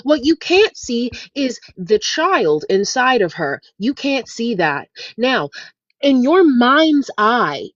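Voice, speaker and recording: A woman's voice: a little high, no echo, muffled recording. A woman in an online debate, speaking assertively and lecturing point by point.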